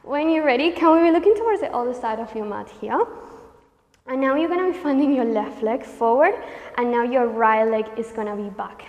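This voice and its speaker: A high-voiced woman coaches a pilates class, cheering listeners on and counting down reps. She is out of breath from working out alongside them, and her voice rings with a long reverb. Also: brisk, darkish tone, dull audio. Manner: encouraging, counts reps, panting and laughing between cues. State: out of breath, sweaty. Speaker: pilates instructor. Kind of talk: guided workout instruction.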